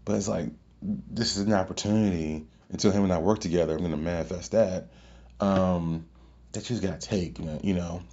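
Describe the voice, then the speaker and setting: A man hosting a podcast, telling a long casual story in a rambling, excitable way with many fillers and restarts. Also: low-pitched, fairly quick, lo-fi sound. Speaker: podcast host.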